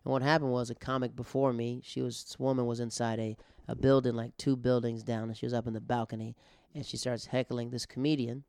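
A man's voice: mid-range voice, level tone, fairly quick, a little mellow, smooth, dry recording. A male stand-up comedian telling a long story in a casual, rambling way, with restarts, acting out the other people in it.

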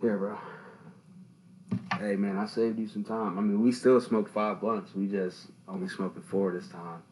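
A young man hosting a casual podcast, telling stories in an animated, slangy way. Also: fairly low pitch, unhurried, a little hiss or hum, low-quality recording. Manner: animated, slangy storytelling with loud laughing outbursts. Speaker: podcast host.

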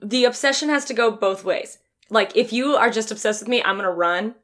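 A woman's voice: a little high, brisk, a bit bright. Young woman, podcast co-host, giggly, casual chat, acts out lines.

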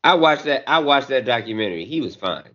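A man's voice: mid-range voice, expressive, fast, a crowd in the background. A man co-hosting a podcast, chatting loosely with crude jokes and banter. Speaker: podcast co-host. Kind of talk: casual chat. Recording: dull lo-fi sound.

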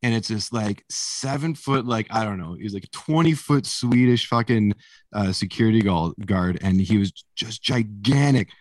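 A man with a fairly low voice, talking casually in an interview. He rambles through stories, swears freely and laughs along the way. The sound is dry and close, with no room around it. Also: moderate pace, no echo. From Canada. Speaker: musician guest.

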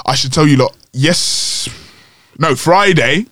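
A young man hosting a casual podcast, laughing often and bantering quickly. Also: on the high side, a bit bright, no echo, clean studio sound. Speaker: podcast host. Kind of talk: casual chat.

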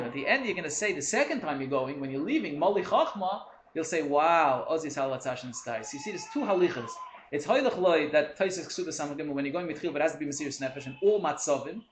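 A man gives an animated Torah lecture, acting out the voices of complainers as he goes. His voice sits a little high. The room is echoey, with a faint hum behind him. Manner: animated, mixing Hebrew and Yiddish terms, acts out complaints. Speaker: Torah teacher.

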